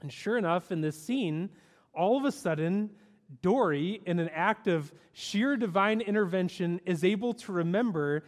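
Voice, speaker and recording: Brief: high-pitched male preacher, casual and animated from the pulpit; long hall reverb. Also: moderate pace. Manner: conversational and animated, with frequent fillers. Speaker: pastor. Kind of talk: sermon. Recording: echoey hall.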